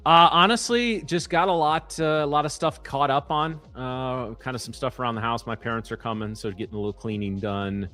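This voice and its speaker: A man's voice: medium pitch, a little fast, hardly any pauses, sharp tone, soft background music. A man in his thirties co-hosting a live trading stream in casual chat, rambling with many fillers and restarts.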